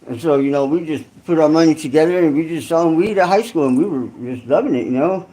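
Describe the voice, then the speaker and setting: High-voiced man rambling in street slang. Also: fast talker, dark tone. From California. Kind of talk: casual storytelling.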